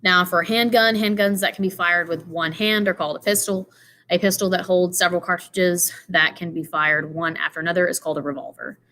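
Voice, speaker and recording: A woman's voice: fairly low pitch, fairly even intonation, a little fast, sharp tone. A woman giving an informal lesson, walking through slides with many fillers and asides. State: tired, yawning. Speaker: teacher. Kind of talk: casual explanatory lecture.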